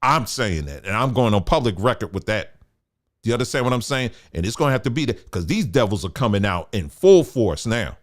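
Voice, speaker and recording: A man's voice: fairly low pitch, big pitch swings, brisk. A man hosting a commentary show, delivering an emphatic, preachy monologue. He calls his listeners family and repeats phrases for emphasis. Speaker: show host.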